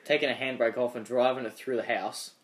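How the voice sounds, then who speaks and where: A man's voice: mid-range voice, steady tone, fairly quick. Young Australian man telling rambling stories. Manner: rambling storyteller, acts out voices. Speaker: podcast co-host. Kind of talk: casual chat.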